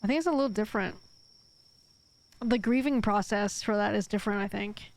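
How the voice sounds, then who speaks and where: A woman's voice: mid-range voice, a little fast, dry recording. A woman streaming a game live, chatting casually and rambling with lots of filler words. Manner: reads chat aloud and answers it. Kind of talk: casual live-stream chat while gaming.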